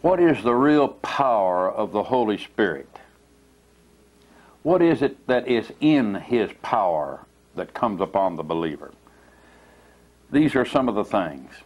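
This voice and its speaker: A male preacher with a somewhat low voice delivers a teaching sermon. He moves at a measured, deliberate pace and puts heavy stress on key words, in the manner of a teacher taking a congregation through scripture. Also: big pitch swings, a little mellow.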